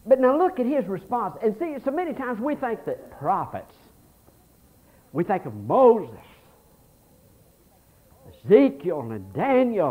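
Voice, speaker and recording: Male pastor, high voice with a very lively pitch, animated sermon full of folksy stories. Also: moderate pace, narrow, tinny audio. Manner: animated preaching with folksy stories and read-aloud scripture.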